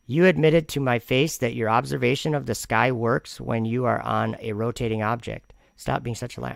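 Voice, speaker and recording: A man's voice: medium pitch, steady tone, normal speed, gravelly, hardly any pauses, dry recording, studio quality. A man hosting a commentary vlog, reacting to comments in an argumentative, sarcastic way and rambling with frequent restarts. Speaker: channel host.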